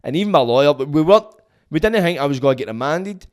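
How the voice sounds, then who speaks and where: A man's voice: a little high, animated, quick pace. A Scottish man talking bluntly and with plenty of swearing in a casual monologue, giving frank advice as a vlogger.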